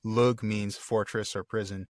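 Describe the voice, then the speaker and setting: A man's voice: lowish voice, flat delivery, a little slow, a little mellow, no room sound, clean studio sound. A man co-hosting a podcast, casually discussing a book and explaining details. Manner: explanatory, reads quotes aloud. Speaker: podcast co-host.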